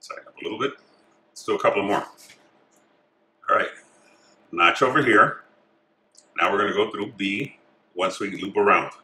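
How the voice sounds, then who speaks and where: A man calmly talking through each step of a craft tutorial as he works with his hands. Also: lowish voice, normal speed, long pauses, slight background noise. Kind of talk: step-by-step instruction. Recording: echoey room.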